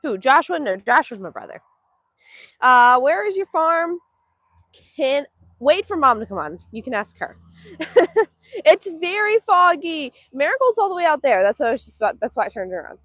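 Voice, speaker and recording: High, lively woman streaming outdoors. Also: normal speed, no echo. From Northeast Texas. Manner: chatty and affectionate, uses sing-song baby talk to animals. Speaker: livestream host. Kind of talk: casual livestream chat, reading viewer comments. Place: outdoors at a foggy cow pen.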